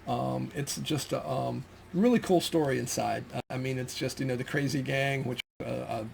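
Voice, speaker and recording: Gravelly yet a little mellow, this medium-pitched voice belongs to a middle-aged American man showing his comic finds. He speaks at normal speed with fairly even intonation, chatting casually and rambling with many ums and restarts. There's slight background noise.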